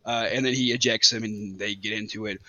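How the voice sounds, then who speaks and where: A man's voice: lowish voice, steady tone, brisk, bright, forceful tone, no echo, highs cut off. A man co-hosting a podcast, stammering and swearing as he rants about a sports incident. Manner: stammering, heated, swears freely. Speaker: podcast co-host. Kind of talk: casual podcast chat.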